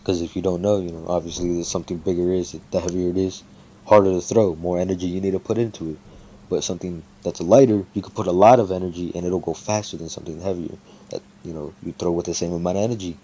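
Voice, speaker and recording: A man's voice: deep voice, fairly even intonation, quick pace, dark tone, slight background noise. A man casually making up and telling a fan story, rambling with lots of fillers and swearing freely.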